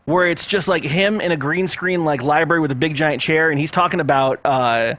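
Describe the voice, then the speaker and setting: A man's voice: on the high side, fairly quick, a bit bright. A man hosting a podcast, telling a story in a rambling, profane way with lots of fillers. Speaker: podcast host. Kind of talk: casual chat.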